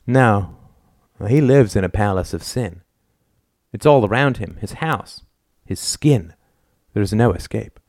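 A man's voice: on the low side, expressive, takes it slowly, darkish tone, dry recording, studio quality. A man voicing an earnest, serious young scholar in an audiobook. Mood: grave. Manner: earnest, grave.

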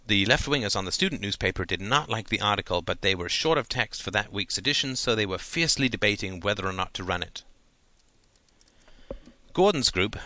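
A man's voice: on the low side, pushed and bright, dry recording. A man reading a novel aloud as narrator, lightly shifting his voice for the characters, with a few slips and restarts. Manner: reads dialogue with small shifts, some slips and restarts. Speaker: audiobook narrator.

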